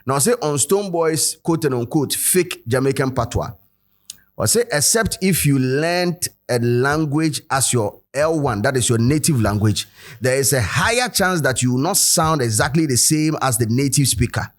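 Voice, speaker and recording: A man's voice: mid-range voice, animated, moderate pace. A man with a Ghanaian accent hosting a commentary video, switching between English and Twi and reading quotes aloud. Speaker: host.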